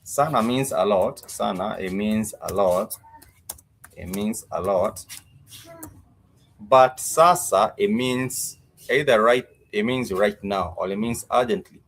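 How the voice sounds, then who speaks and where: A man teaching Swahili words in a live-streamed lesson, slowly repeating each word and its meaning, with many fillers. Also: on the low side, a bit bright.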